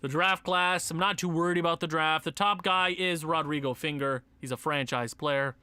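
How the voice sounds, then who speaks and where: A young man giving casual commentary on a hockey video game, muttering and then breaking into excited shouts. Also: fairly high pitch, moderate pace, clean tone, dry recording. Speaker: gaming YouTuber.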